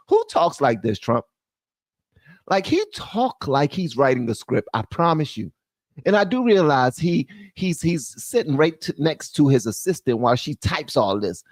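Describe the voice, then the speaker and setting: Male live-stream host, animated slangy riffing, bouncy intonation. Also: a little high, normal speed, dry recording. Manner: animated, slangy, reads quotes aloud and riffs on them. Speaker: commentary channel host. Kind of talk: live-stream news commentary.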